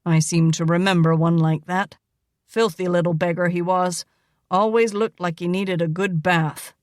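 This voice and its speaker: A woman voicing a gruff, wounded male army doctor who speaks curtly. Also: on the low side, steady tone, normal speed, no echo, clean studio sound, natural voice. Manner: gruff, curt.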